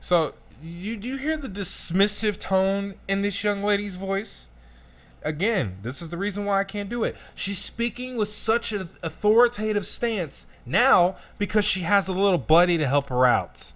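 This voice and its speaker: A man's voice: high-pitched, moderate pace. A man giving casual reaction commentary on a video clip, ranting and speaking to his audience directly. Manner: animated, ranting, addresses the audience.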